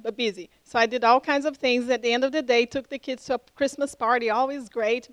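A woman with a non-native English accent tells her testimony in an animated way, jumping up in pitch as she acts out what people said. Her voice sits high, and the recording is close and dry with no room sound. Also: no room sound, rough recording. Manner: animated, acts out dialogue with lively pitch jumps. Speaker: church member giving a testimony. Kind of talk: storytelling testimony.

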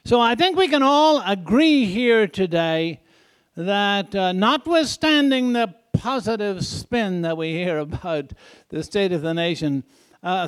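An older male preacher with a foreign accent and a high voice, talking to his congregation in a folksy, chatty way. He chuckles between points and keeps checking in with the crowd. The sound is close and dry. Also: clean tone, dry recording. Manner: folksy, asks the crowd "isn't that right?". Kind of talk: sermon.

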